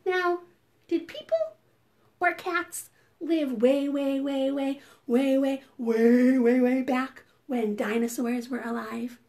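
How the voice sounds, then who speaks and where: In a high-pitched voice and at a slow pace, a woman librarian runs a preschool storytime. She reads and chants rhymes with a lively, sing-song delivery.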